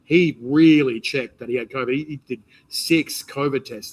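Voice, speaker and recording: Australian man, host, casual interview chat, rambling, animated, restarts a lot. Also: medium pitch, normal speed, poor audio. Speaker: interview host and competition organizer.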